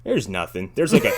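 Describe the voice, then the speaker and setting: A man of ordinary pitch rambles through a movie review with dry sarcasm and plenty of swearing. His talk is casual podcast chat, loose and digressive. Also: heavy background noise. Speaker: podcast co-host.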